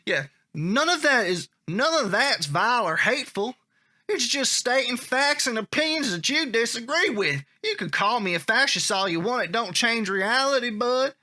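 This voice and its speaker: A man's voice: very high voice, expressive, normal speed, pushed and bright, voice pushed up, heavily acted. A man voicing a smug, condescending male online commenter with a put-on Southern US accent, needling and calling people bud. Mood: smug taunting.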